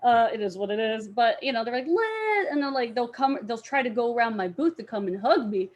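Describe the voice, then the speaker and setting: Young woman guest telling a con story, kinda high voice, super animated, yells out the quotes. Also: fast, highs cut off. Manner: animated, acts out quotes with loud outbursts and laughter. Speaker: interview guest, cosplayer. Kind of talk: storytelling in a casual interview.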